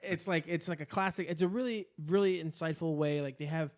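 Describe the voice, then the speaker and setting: A man co-hosts a podcast in loose, rambling chat. He curses freely and rants with heat. His voice sits a little high for a man. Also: a little fast. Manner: profane, rambling, animated ranting. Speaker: podcast co-host. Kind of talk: casual chat.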